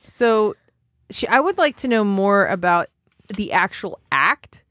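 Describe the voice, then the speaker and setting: A woman's voice: mid-range voice, big pitch swings, slow pace, a bit bright, no echo. Woman rambling through a profane story. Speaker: podcast co-host. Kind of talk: casual comedic chat.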